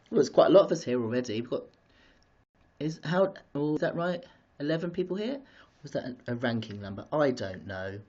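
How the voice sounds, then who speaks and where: Excitable man on a dull live stream. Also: medium pitch. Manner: excitable, chatty, greets viewers and goes off topic. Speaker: vlogger hosting a live stream. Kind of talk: casual live-stream chat. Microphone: streaming device mic.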